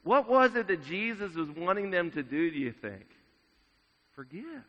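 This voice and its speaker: A man preaching a sermon in a measured way, dropping his voice to a hush at solemn moments. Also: high-pitched, very animated. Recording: dull sound with long reverb in a large hall.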